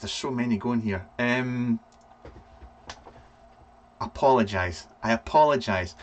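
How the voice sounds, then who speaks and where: A Scottish man hosting a casual live vlog, rambling through viewer names with lots of ums. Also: medium pitch. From Scotland. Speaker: vape reviewer and live vlog host. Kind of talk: casual live-stream chat.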